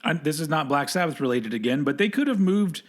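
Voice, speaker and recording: Chatty man with a higher voice. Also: lively intonation, fast talker. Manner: rambling, self-correcting, laughs often. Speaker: podcast co-host. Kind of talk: casual chat.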